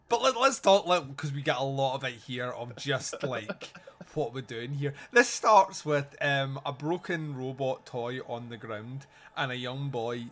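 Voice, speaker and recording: A man's voice: medium pitch, a bit bright. A man hosting a podcast, recapping a movie in casual chat, joking and laughing often. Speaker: podcast host.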